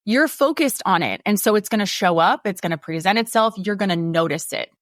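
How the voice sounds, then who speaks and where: A woman's voice: mid-range voice, lively intonation, a little fast, no room sound, studio quality. A woman in her forties hosting a podcast, talking in a candid, casual motivational way, swearing freely and laughing often. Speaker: podcast host.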